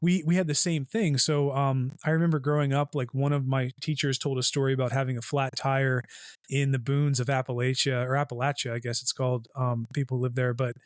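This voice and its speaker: A man's voice: mid-range voice, dry recording, studio quality. A man from the United States, co-host of a podcast, chatting enthusiastically and loosely with fillers. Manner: enthusiastic, chatty, laughs easily. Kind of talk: casual podcast chat.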